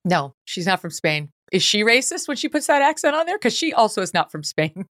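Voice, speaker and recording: A woman's voice: mid-range voice, big pitch swings, a little fast, fairly bright tone, no room sound. A woman hosting a podcast, talking casually and sarcastically and laughing often. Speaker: podcast host. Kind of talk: casual talk-show commentary.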